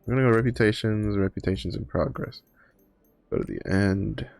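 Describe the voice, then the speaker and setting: This streamer's voice is on the low side, gravelly, and a bit mellow, moving at a normal speed in a dry recording. He chats loosely about his game, stumbling through fillers and self-corrections while yawning and sounding tired.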